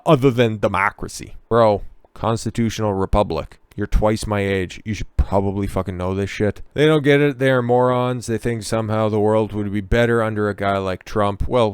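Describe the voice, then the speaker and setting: A man's voice: lowish voice, a little mellow, smooth, no echo, studio quality. A man ranting in a commentary video, sarcastic and profane, heckling the person he talks about. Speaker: online commentator.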